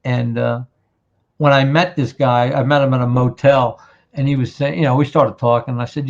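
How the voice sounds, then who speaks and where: A man's voice: medium pitch, moderate pace, gravelly. A man in his fifties from New Jersey, hosting a casual chat and telling a long hunting story, acting out what others said. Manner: storytelling, acts out quotes of others. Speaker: podcast host. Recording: dull lo-fi sound.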